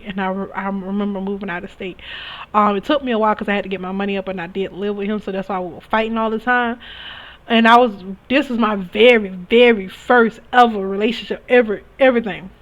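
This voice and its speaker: A young woman telling her own story in a candid, emphatic way, often restarting her sentences. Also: medium pitch. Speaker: spiritual reader sharing experiences. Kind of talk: casual personal storytelling. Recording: dull lo-fi recording.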